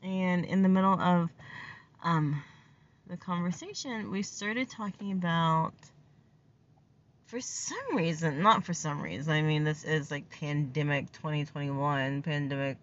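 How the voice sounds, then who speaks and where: A woman's voice: sits low, a little slow, muffled recording. A woman telling a personal story in a casual, rambling way, full of fillers and small laughs. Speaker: vlogger.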